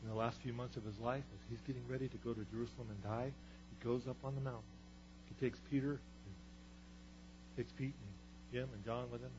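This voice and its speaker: A man preaching a sermon, telling stories with lively swings between loud and hushed delivery. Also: mid-range voice, a little fast. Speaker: pastor. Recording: dull sound with faint hum.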